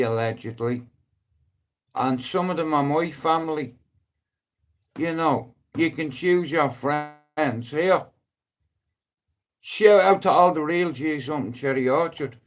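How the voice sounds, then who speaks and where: A middle-aged Irishman with a Dublin accent rambles on a casual live stream, swearing freely and breaking into loud, emphatic outbursts. His voice sits at medium pitch.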